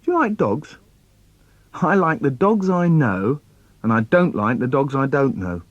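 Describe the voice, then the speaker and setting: Man, children's poetry reading, lively swooping pitch, dry dull lo-fi sound. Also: unhurried, no echo. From London. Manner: playful, expressive, swooping delivery. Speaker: children's poet. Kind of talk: storytelling poem recitation for children.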